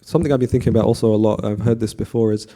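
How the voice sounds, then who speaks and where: A man giving a conversational devotional class to a temple audience, often asking the audience questions and pausing with fillers. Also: lowish voice. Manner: frequent fillers and restarts, relaxed.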